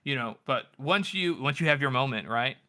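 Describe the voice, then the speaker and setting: A man's voice: medium pitch, expressive, normal speed, sharp tone. A man co-hosting a book podcast, thinking aloud reflectively and hedging his views. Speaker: podcast co-host. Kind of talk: casual book discussion.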